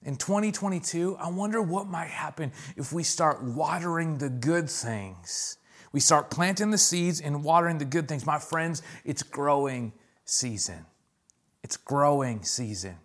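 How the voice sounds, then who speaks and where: A man in his thirties delivers a sermon with a fairly high voice. He urges the congregation on with repeated calls and builds his points with force. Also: lively intonation, a little slow, a bit bright. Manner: preaching with rising intensity, repeated "come on" calls. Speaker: pastor.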